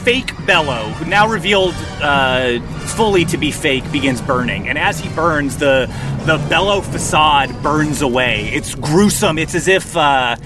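A man's voice: fairly high pitch, expressive, a little slow, over music. A man narrating as game master in a casual, rambling way with fillers.

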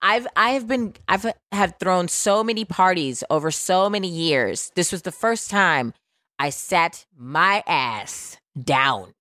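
A woman in her thirties hosts a podcast with a loose, playful and brash manner, swearing freely as she chats. Her voice sits fairly low. The sound is dry and close, with no room around it. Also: animated, takes it slowly, pushed and bright, dry recording. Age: 30s. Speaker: podcast host. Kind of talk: casual chat.

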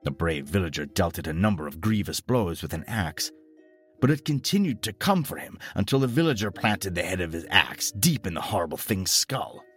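A man narrating a horror story in a dramatic, expressive storytelling style. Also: low-pitched, moderate pace. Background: faint music.

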